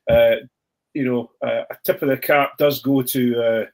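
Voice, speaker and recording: A man's voice: medium pitch, fairly even intonation, normal speed, a little mellow. A man hosting a casual podcast chat, rambling with many ums and self-corrections. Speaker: podcast host.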